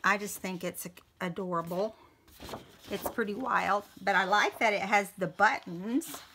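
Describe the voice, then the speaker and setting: Slow, chatty woman crafting. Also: medium pitch, pushed and bright, slight background noise. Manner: chatty, thinks aloud while working. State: keeps coughing and clearing throat. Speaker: crafting video host. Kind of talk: casual craft tutorial.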